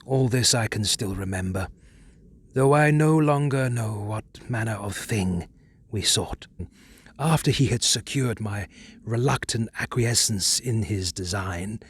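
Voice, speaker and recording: A man narrating a horror audiobook in a measured, hushed, dramatic way. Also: mid-range voice, husky, no echo.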